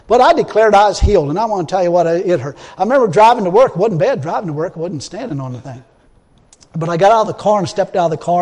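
A man preaching and telling a personal testimony in a folksy storytelling manner, swinging from loud emphasis to quiet groans. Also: sits high, animated, fast. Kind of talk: sermon testimony. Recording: long hall reverb.

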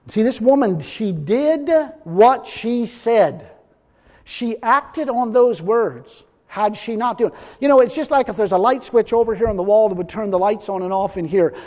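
This man delivers an emphatic sermon, reading scripture aloud and voicing other people's words as he acts them out. He speaks high, animated and unhurried, with a slightly mellow quality, and long hall reverb trails his voice.

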